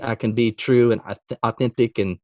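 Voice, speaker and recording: A mid-pitched man tells a story in a relaxed interview as a Christian music artist. He acts out every quote with leaps in pitch and laughs often. The sound is dry and close. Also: normal speed, no echo, highs cut off.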